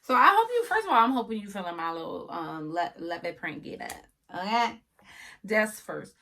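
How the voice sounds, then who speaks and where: A woman casually reviewing a wig for her viewers, chatty and often yelling with excitement. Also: mid-range voice, moderate pace, a little hiss or hum. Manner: chatty, addresses viewers as y'all.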